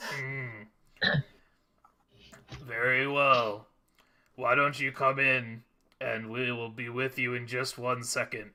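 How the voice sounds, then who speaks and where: A large fire genasi smith, gruff and grumbling, always put-upon, as a man puts him on. The voice is bright and forceful yet slow. It comes from a tabletop game session. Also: medium pitch, flat delivery.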